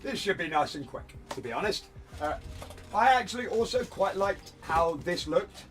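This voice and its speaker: A man streams from his room at home, talking in a loose, rambling way while he works at a desk mic. His voice sits a little high for a man. Soft music plays in the background. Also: expressive, moderate pace. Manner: rambling, chatty, self-deprecating. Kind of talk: casual hobby livestream chat.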